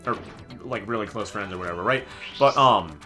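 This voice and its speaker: A man's voice: on the low side, a little fast, sharp tone, soft background music. A young man giving jokey, rambling live commentary as he plays a video game. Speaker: gaming streamer. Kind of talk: live let's play commentary.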